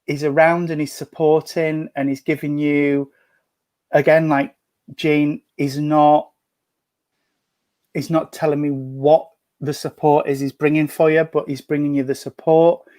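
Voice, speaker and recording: Gentle man, higher voice. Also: little pitch movement, measured pace, no room sound. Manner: chatty, gentle, full of endearments. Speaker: spiritualist medium. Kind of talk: mediumship reading in an online service. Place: at home at a breakfast table.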